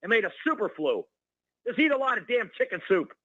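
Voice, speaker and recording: Fast, high-voiced ranting male caller. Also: dry recording, lo-fi sound. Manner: ranting, excitable, repeats the host's name. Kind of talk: heated call-in rant.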